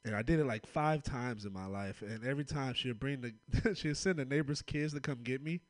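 Young male comic from Oakland, loose rambling delivery, middle pitch, dry close sound. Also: moderate pace, dry recording. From Oakland, California. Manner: loose, rambling storytelling with frequent laughs. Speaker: stand-up comedian. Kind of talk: stand-up comedy set.

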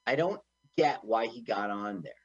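A man's voice: normal speed, slightly rough. A man co-hosting an internet radio show, riffing jokingly on a movie as it plays. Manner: jokey, tries silly voices, lively pitch. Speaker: podcast co-host. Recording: dull lo-fi sound.

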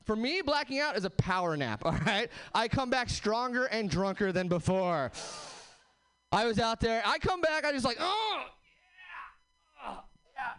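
A man doing stand-up on a packed stage, with a very high voice for a man and a smooth, clear tone. He talks in a brash, profane, self-mocking way through a handheld stage mic. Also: sing-song, moderate pace, fairly bright tone. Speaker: stand-up comedian. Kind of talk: stand-up comedy set. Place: packed comedy venue stage.

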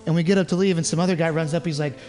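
A man co-hosting a radio talk show, telling an animated, profane anecdote in casual chat. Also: on the high side, rapid-fire, faint music behind.

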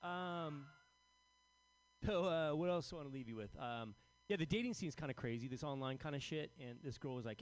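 A man in his forties doing a deadpan, self-deprecating stand-up set on a club stage. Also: a little high, fairly quick. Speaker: stand-up comedian.

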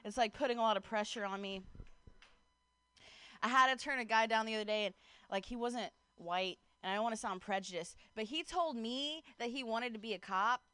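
A young woman works a street corner with stand-up, her voice pitched a touch high and bright. Her tone is crisp and the sound dry and close. She laughs between jokes and banters with passers-by. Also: brisk, dry recording. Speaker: stand-up comic.

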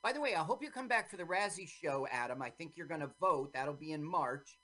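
A woman's voice: low-pitched, a little fast, low-quality recording. A woman co-hosting a casual film podcast, telling behind-the-scenes stories and acting out the quoted lines. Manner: animated storytelling, acts out quoted lines. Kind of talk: casual chat about an old film.

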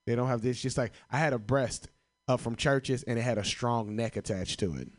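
A man's voice: medium pitch, brisk. A young man from Chicago doing stand-up comedy, swearing often and laughing at his own jokes. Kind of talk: stand-up comedy answering prompts.

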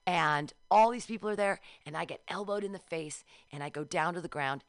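A woman in her forties co-hosting a radio show, telling a story casually and acting out quotes in a high voice. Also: fairly quick, creaky, smooth, no echo, clean studio sound. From Southern California. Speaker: radio co-host. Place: radio studio.

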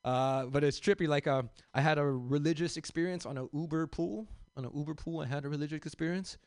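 A man from South Central Los Angeles performs a stand-up set in a loose, rambling style, full of fillers and asides to the crowd. His voice sits a bit high and sounds smooth and clear. The sound is dry and close, with no room echo. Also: fast. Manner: loose, conversational, addresses the crowd as "y'all"; rambling with many fillers and restarts. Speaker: stand-up comedian.

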